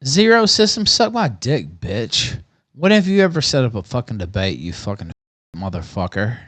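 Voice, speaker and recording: A man's voice: mid-range voice, big pitch swings, moderate pace, dry recording. A stressed livestream host, a man, ranting angrily and combatively with heavy swearing. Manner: combative, swears heavily, yells. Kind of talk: angry profane rant.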